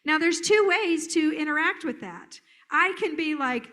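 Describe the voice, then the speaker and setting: A high-voiced woman gives a live conference talk as a therapist. She is animated and joking, and her pitch swings and lifts as she drops into silly voices for effect. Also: moderate pace.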